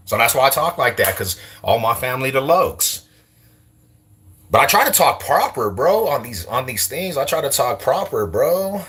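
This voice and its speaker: Here the Denver YouTuber, a man in his forties from the city's East Side, sounds medium-pitched with a sharp, breathy-edged tone. Chatting casually on his livestream and responding to comments, he uses a local street accent and thick slang. He says things more than once and laughs often between remarks.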